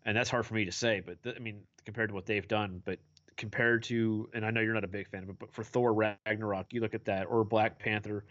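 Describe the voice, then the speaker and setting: A podcast co-host talks bluntly and with exasperation about movies in a casual review chat, swearing a lot. He speaks quickly in a lowish, steady, slightly bright voice, and the audio is dull.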